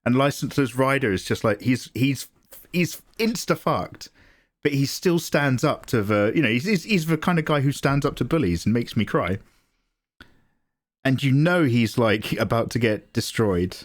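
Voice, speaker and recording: A man in his forties chatting casually on a live drawing stream, animated and self-deprecating, swearing freely. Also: normal speed. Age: 40s. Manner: mocks others with squeaky high voices. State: tearing up, emotional. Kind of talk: casual livestream chat. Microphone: desk mic, no camera.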